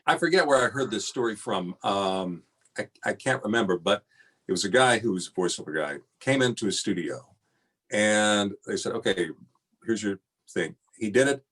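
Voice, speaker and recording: An older man, a singer, telling stories in a relaxed interview, with frequent fillers and easy laughter. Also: lowish voice, normal speed. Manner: chatty storyteller, many fillers, laughs easily. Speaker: guest singer and voiceover artist. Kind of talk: casual interview chat.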